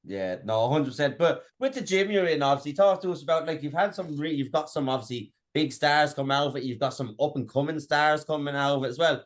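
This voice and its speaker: Halting man interviewer, slightly high voice. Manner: halting, repeats words, fillers. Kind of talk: casual interview questions.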